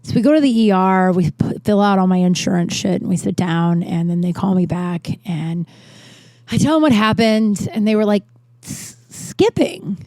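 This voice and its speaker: A woman's voice: medium pitch, moderate pace, warm tone. A woman in her thirties, a comedian, talks through a personal story on her podcast in a loose, rambling way. She is candid and self-deprecating and swears freely. Her mid-range voice sounds close and dry, with no room echo. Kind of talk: casual storytelling monologue.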